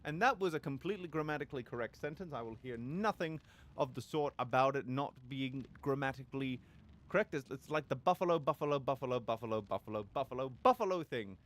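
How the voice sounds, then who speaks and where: A man's voice: medium pitch, fast talker. A man talking casually on a live stream, rambling and joking crudely, with many fillers and restarts.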